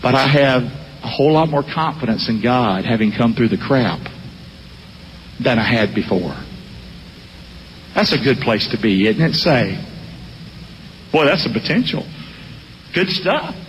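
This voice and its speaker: Animated preacher in an echoing hall. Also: male voice, medium pitch, measured pace, long pauses, a little hiss or hum. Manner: animated, calls for responses from the congregation. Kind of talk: sermon. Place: church sanctuary. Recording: long reverb of a large hall.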